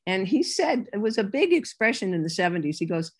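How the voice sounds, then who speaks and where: A woman's voice: medium pitch, brisk, breathy edge. An older woman, an author and writing teacher, telling a funny story as an interview guest, acting out the voices and laughing often. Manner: lively raconteur, acts out quotes, laughs often.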